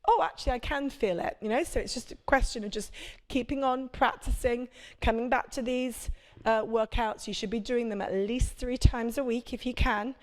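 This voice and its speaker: A woman's voice: on the high side, steady tone, moderate pace. A woman, a prenatal fitness instructor, coaching a live workout class with chatty, encouraging cues and check-ins.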